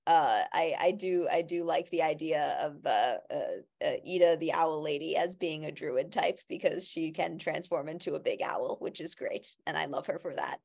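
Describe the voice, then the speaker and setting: A woman chatting on a podcast in a slightly low voice. She rambles, restarts her sentences and fills gaps with fillers as she thinks out loud. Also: moderate pace, creaky, hardly any pauses. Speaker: podcast co-host. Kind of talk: casual chat.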